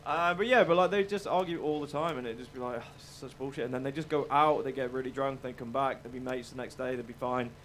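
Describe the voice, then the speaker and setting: A man's voice: mid-range voice, fast talker, few pauses, fairly bright tone, slight background noise. A male musician chatting as a guest about his songs, laid-back, rambling and a bit sweary. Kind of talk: casual interview chat.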